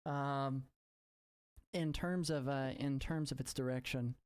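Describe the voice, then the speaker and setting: Halting tabletop game master. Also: medium pitch, steady tone, a little mellow, smooth. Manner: halting, many repeated words and fillers.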